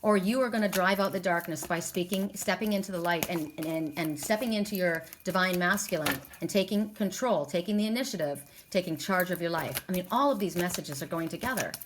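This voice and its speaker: A woman's voice: fairly low pitch, fairly quick, few pauses, noisy background. A middle-aged woman giving an earnest spiritual card reading, talking in a loose, rambling way with many restarts. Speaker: oracle card reader. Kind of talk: spiritual reading, casual monologue.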